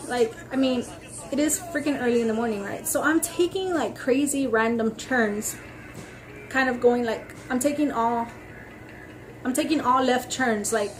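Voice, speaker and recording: Her voice sits on the high side as this young woman vlogs a casual rant to the camera. She rambles, saying "like" and "freaking" a lot, and tells her stories animatedly, acting out other people's lines.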